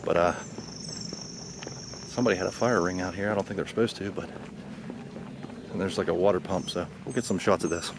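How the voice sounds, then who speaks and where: A man with a very low voice talks into a handheld camera as he walks a forest trail. His commentary rambles along loosely with fillers and restarts, while steady outdoor noise hums behind him. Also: a little fast, long pauses. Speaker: vlogger. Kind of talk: casual walking vlog commentary.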